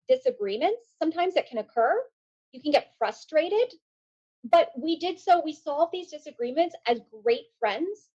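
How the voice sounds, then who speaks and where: A woman's voice: sits high, darkish tone, highs cut off. A woman panelist giving political commentary on a group call, analytical and recounting quotes with frequent fillers. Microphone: online call mic.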